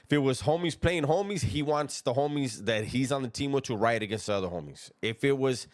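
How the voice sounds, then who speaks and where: A man's voice: medium pitch, brisk, dry recording, studio quality. Laid-back slangy man. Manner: laid-back and slangy, chuckles at his own tale. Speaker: storyteller recounting prison life. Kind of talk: casual spoken storytelling.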